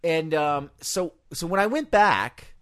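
A man's voice: fairly high pitch, takes it slowly. A man co-hosting a casual podcast, telling stories with lots of acted-out quotes and swearing. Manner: animated storyteller, acts out quotes, swears. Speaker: podcast co-host, former ring announcer. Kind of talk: casual storytelling chat.

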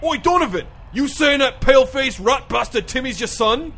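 Brash lout. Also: male voice, very high-pitched, expressive, normal speed, faint music behind, full character voice. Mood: rowdy. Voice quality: brash, shouting. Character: loutish male British hooligan sidekick.

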